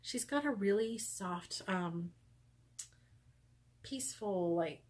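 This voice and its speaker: A woman talks casually to her viewers about her crafting, upbeat and chatty. She fills pauses with ums and breaks into small laughs. Her pitch sits in an ordinary middle range. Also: expressive, a little mellow. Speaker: knitting podcast host. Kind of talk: casual knitting vlog chat.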